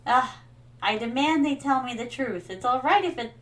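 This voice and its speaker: Woman vtuber chatting while she plays, kinda high voice, tells stories, calls everyone darling. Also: animated, normal speed, a bit bright. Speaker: VTuber streamer. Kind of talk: casual game stream chat.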